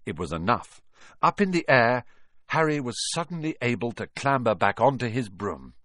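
Man narrating a storybook, lively swooping pitch, dry close sound, dramatic. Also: moderate pace, no echo. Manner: dramatic, expressive reading with big swings. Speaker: audiobook narrator.

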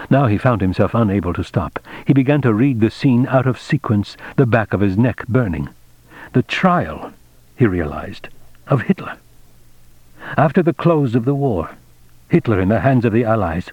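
A man narrating a novel in a measured, dramatic reading. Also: on the low side, a little mellow, dry recording. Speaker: audiobook narrator. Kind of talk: scripted narration. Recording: dull, dry lo-fi audiobook recording.

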